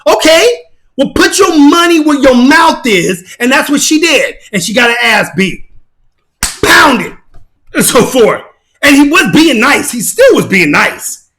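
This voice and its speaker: An excitable man talks over a fight video in casual commentary, laughing and repeating himself. His voice is very high and bright, and it swoops up and down in a lively way. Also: measured pace. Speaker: channel host.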